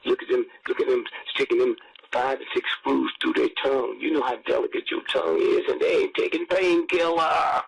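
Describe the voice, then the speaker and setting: Older man, folksy, preachy, repetitive, gravelly voice, slight background noise. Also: mid-range voice, level tone, brisk, low-quality recording. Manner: folksy, preachy, repeats phrases. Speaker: guest on a call-in show. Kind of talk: casual call-in radio talk.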